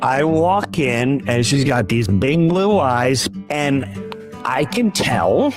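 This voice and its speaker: Brief: man, unhurried animated storyteller, medium pitch, faint music behind. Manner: unhurried, animated, acts out quotes. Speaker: storyteller at an open mic. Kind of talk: personal storytelling.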